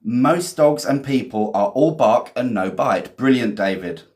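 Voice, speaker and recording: A man's voice: mid-range voice, lively intonation, a little mellow. A man teaching vocabulary in a live lesson, reading out viewers' sentences, praising them and cracking cheesy jokes. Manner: chatty and encouraging, quick praise, cheesy jokes. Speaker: English teacher.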